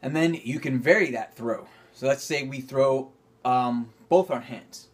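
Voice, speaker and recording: A man's voice: medium pitch, unhurried, breathy edge. A man teaching acting, talking to camera and calling out cues while he demonstrates movement exercises. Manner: coaching, calling out cues, rising to loud effortful bursts.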